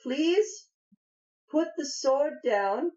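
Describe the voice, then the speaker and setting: A man voicing a nervous female halfling, high and pleading. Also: animated, drawn-out words, darkish tone, reverberant, recorded from a distance, lo-fi sound, heavily acted. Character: nervous female halfling bard-band member.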